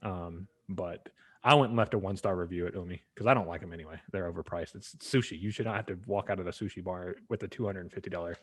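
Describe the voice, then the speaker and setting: A man's voice: sits low, fast, fairly bright tone, husky. A man co-hosting a sports podcast, telling a rambling story in casual chat and acting out the people in it. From Atlanta area. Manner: rambling storytelling, acts out quoted voices. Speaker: podcast co-host.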